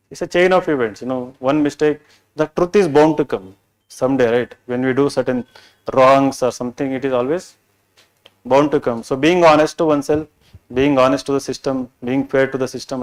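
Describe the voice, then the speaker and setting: Chatty Indian English coaching teacher. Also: male voice, medium pitch, a little mellow, poor audio. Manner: chatty, digressive, peppered with "right?" and "you know". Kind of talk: orientation lecture.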